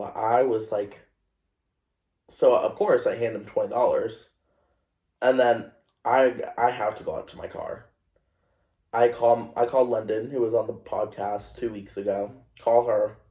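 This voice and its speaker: Young male podcast host, unhurried, echoey room, rambling and animated storytelling. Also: on the low side. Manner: animated, self-conscious storytelling with many fillers. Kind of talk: casual storytelling monologue.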